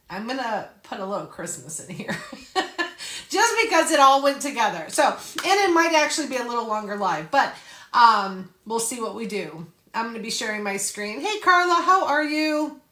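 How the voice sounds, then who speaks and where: A woman's voice: on the high side, bright, forceful tone, roomy sound. A chatty, upbeat woman hosting a live craft tutorial and greeting viewers by name. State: out of breath. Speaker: craft class host.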